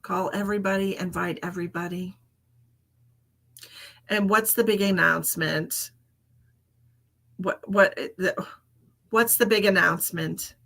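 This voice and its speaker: A woman's voice: fairly low pitch, steady tone, measured pace, creaky, pauses often, sharp tone. A woman giving live psychic readings as a medium, chatting casually, laughing often and dropping into whispered asides.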